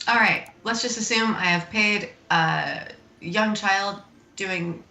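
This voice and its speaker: A woman's voice: mid-range voice, slow, creaky, bright, forceful tone, reverberant. A woman playing a tabletop game, wry and joking in casual talk. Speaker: player.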